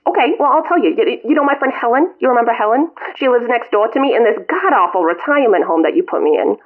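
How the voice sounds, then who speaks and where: A woman's voice: on the high side, animated, fast talker, voice pushed up. A woman voicing a guilt-tripping elderly mother calling her son, melodramatic and self-pitying, over a tinny phone line. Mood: bitter.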